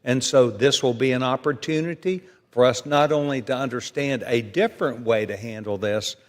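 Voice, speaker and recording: Congressman talking up his bill, slow and deliberate, echoey chamber. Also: medium pitch. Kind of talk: formal floor debate speech. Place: large legislative chamber. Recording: long reverb of a large chamber.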